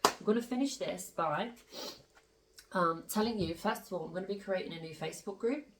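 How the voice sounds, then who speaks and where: A chatty woman gives a tarot reading in a loose, rambling way, leaning hard on her points. Her voice sits a little low and sounds roomy, picked up from some distance off the mic. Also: a little fast, slight background noise. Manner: chatty, emphatic, rambling with asides. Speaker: tarot reader. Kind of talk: casual spiritual tarot reading.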